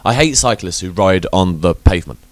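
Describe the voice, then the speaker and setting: A man hosting a podcast, chatting casually and ranting with lots of swearing and loud bursts of emphasis. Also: sits low, lively intonation, a little fast. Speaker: podcast host. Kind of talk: casual chat.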